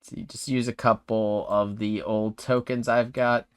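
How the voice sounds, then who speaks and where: A man's voice: fairly low pitch, little pitch movement, clean tone, no echo, studio quality. A man narrating as game master in a tabletop game, stopping and restarting often. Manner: halting, full of fillers and restarts.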